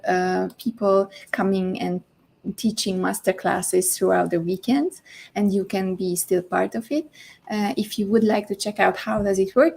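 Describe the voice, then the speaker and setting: A woman with a gravelly voice hosts a summit and promotes its events. She sounds upbeat and pauses often between phrases. Her pitch sits in the middle range for a woman. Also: a little mellow. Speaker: summit host. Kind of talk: promotional host talk.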